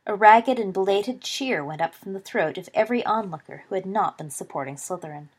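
A woman narrating a story aloud, reading with expressive swings in volume. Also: mid-range voice, fairly quick, husky. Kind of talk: audiobook reading of fan fiction.

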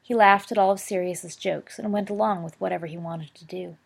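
A woman reading a story aloud in steady storytelling, with small slips. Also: fairly low pitch, fairly quick, creaky. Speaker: reader. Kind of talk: reading fan fiction aloud.

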